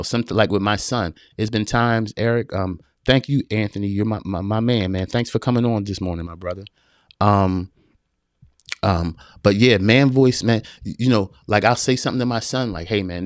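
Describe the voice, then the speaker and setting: A man with a low, dry voice hosts a live talk for men, repeating his points with emphasis like a preacher. He calls his listeners brother and answers viewer questions as they come in. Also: dry recording. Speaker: podcast host.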